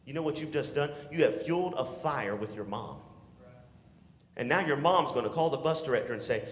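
Emphatic preacher in an echoey church. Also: male voice, expressive, moderate pace. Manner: emphatic, swings from shouting to low and hushed. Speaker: pastor. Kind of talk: sermon. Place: large church. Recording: echoey church hall with long reverb.

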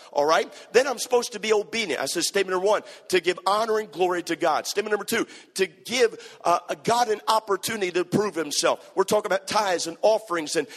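A high-pitched man delivers a sermon with emphatic, repeated phrases. His voice carries a long reverb tail from a church. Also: a bit bright. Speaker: preacher. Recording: hall reverb.

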